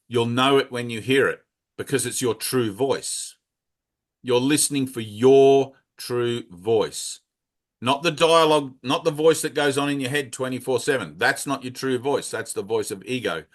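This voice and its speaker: A man's voice: mid-range voice, sharp tone. A man giving an informal spiritual talk to a small group as their teacher, frank and conversational, with mild swearing and a habit of checking in with "right?".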